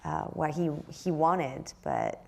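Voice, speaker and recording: A woman's voice: deep voice, takes it slowly, vocal fry, a little mellow. A woman from France speaking with a French accent in an onstage interview, often restarting and searching for words. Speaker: actress guest.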